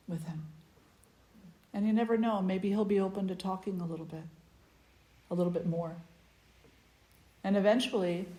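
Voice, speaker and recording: A woman spiritual teacher giving a satsang talk, telling stories gently in short, unhurried phrases. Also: medium pitch. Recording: echoey room.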